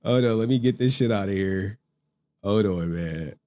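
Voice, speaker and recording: A man's voice: lowish voice, mellow. A young man streaming live, chatting casually with slang and cursing, breaking into laughter often. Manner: laughs often, slangy and profane, slow drawl.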